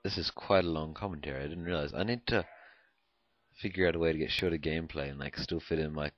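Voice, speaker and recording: A young man from Canada talks over his gameplay with a rumbling, very low voice. He rambles, hesitates and fills gaps with ums and likes. The recording is dry and dull, like a cheap home mic. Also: fast, no echo. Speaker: gameplay commentator. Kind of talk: rambling casual gameplay commentary.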